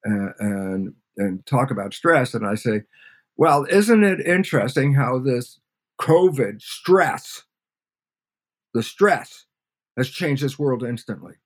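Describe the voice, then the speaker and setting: A man's voice: mid-range voice, slow pace. Older guy explaining science in an interview, acts out little back-and-forth conversations. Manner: acts out both sides of imagined dialogues, animated. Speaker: guest scientist. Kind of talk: storytelling lecture in an interview.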